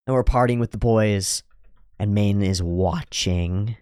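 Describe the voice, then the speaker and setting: A man hosting an anime reaction show, giving casual, excitable, profane commentary on an episode. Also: fairly low pitch, a little slow, clear, resonant tone, dry recording, studio quality. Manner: excitable and profane, jumps between breakdown and hype.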